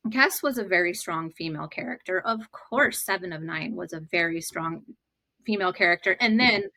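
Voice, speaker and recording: A woman's voice: on the low side, normal speed, bright, forceful tone. A woman in her thirties chatting in an earnest, reflective way. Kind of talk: casual chat.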